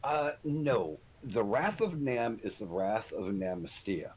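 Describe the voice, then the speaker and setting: A man's voice: lowish voice, sing-song, takes it slowly, darkish tone, breathy edge, low-quality recording. A middle-aged man, a guest on the show, telling a story in casual chat with lots of ums and restarts. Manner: rambling storyteller with many ums. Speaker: podcast guest.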